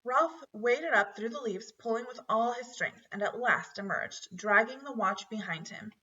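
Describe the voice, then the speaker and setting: A woman reading a children's book aloud with steady storytelling. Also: on the high side, normal speed. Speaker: narrator. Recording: dull, distant home recording.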